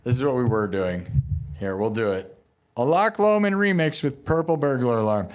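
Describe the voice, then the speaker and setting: A man's voice: mid-range voice, lively intonation, normal speed. A man hosting a live music stream, talking casually and rambling between songs. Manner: rambling, chatty, restarts sentences. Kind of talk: casual chat over live looped music.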